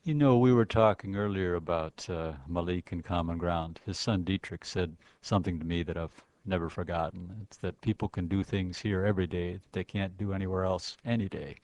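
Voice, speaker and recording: A man's voice: sits low, fairly even intonation, brisk, few pauses, a little mellow, a little hiss or hum. A man hosting a radio interview, affable and encouraging, backing his guest with frequent murmurs of agreement. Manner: affable, frequent "mm-hmm" backchannels, easy laughter. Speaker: radio host. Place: radio studio.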